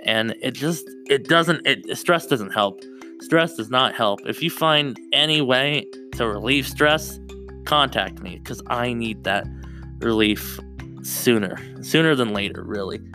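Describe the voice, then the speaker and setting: Bright-voiced young man rambling on his podcast. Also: medium pitch, measured pace, faint music behind. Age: young adult. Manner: rambling, self-interrupting, restarts often. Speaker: podcast host. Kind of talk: solo podcast chat. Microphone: close podcast mic.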